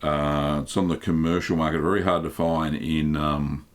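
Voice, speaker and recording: An Australian man hosting a live stream, reading viewer chat aloud and answering questions in a relaxed, chatty way with many ums. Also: a bass voice, moderate pace. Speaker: host.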